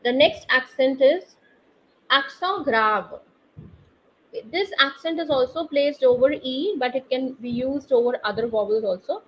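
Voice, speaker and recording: A woman teaching a live online French class, explaining accents slowly and quizzing her students through the chat. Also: sits high, husky. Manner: slow, patient, quizzes students via chat. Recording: slightly dull online class audio with faint noise.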